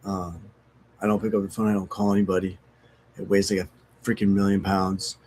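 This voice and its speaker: A man's voice: low voice, little pitch movement, fairly quick, darkish tone, slight background noise. A man talking candidly and casually about recovery, frank and profane, rambling and self-mocking, sniffly from opiate withdrawal. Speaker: recovery vlogger. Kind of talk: casual candid talk to camera.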